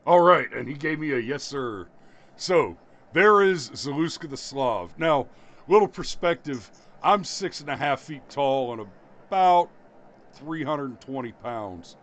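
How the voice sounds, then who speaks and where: A man's voice: medium pitch, animated, unhurried, fairly bright tone. A man hosting a podcast, telling rambling stories in a casual chat and laughing at his own jokes. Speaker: podcast host.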